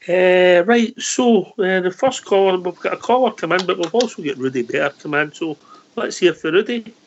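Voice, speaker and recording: A man hosting a casual radio phone-in, brisk and matey with his callers. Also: high voice, noisy background. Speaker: phone-in host. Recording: lo-fi online call audio.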